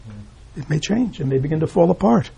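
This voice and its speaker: A man's voice: a little high, sing-song, a little fast, gravelly, dark tone, a little hiss or hum. A man giving a Buddhist dharma talk, asking rhetorical questions and tagging "right?" onto his points with small chuckles. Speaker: Buddhist teacher.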